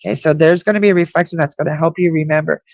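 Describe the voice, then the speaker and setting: Gravelly-voiced woman giving psychic readings. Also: deep voice, fairly even intonation, racing, darkish tone, dry recording. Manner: direct, reassuring, repeats key lines. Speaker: psychic reader. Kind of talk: live-stream intuitive reading.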